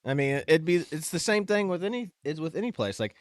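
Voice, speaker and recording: A man co-hosting a talk show who reads items aloud and chats in an animated way. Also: a little high, brisk, dry recording, clean studio sound. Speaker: co-host.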